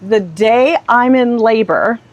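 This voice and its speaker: A middle-aged woman in an interview, an animated storyteller who acts out the voices she quotes. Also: a little high, slow, dull audio, crowd noise. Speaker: real estate agent, guest.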